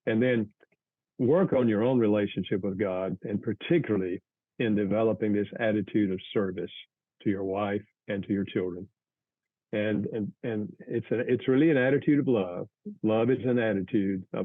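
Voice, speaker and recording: An earnest male guest explains family advice in a measured, teacherly way, with a fairly low voice. He speaks over a tinny, phone-like line that sounds dry and close. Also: no room sound. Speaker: author and guest. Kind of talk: advice in an interview.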